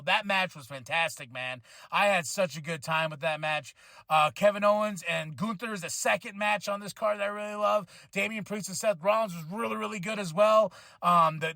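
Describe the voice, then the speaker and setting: A man hosting a podcast, giving a casual, excitable wrestling show review, swearing freely and laughing often. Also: high-pitched, dry recording, studio quality. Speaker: podcast host.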